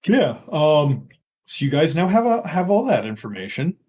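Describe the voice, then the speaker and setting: A man's voice: on the high side, big pitch swings, moderate pace, a little mellow, slightly rough. A man acting as game master, chatting loosely and laughing easily during a tabletop game session. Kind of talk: casual tabletop game chat.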